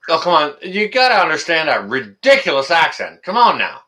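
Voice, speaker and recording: Man, live stream host, casual, rambling, teasing, animated pitch. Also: a little fast. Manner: rambling, reads out viewer comments, teasing.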